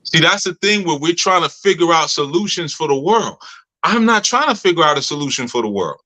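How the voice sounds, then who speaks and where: Man, bright and fairly high voice, laughing storyteller talking casually to his community. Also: expressive, brisk, rough recording. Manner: laughs often, loose colloquial storytelling. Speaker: community leader speaking to members.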